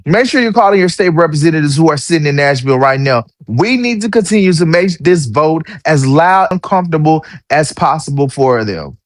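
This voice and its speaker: A man delivers heated political commentary in a fairly high voice. He talks bluntly and swears without holding back, recorded close and dry. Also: expressive, fairly quick, hardly any pauses, dry recording. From Tennessee.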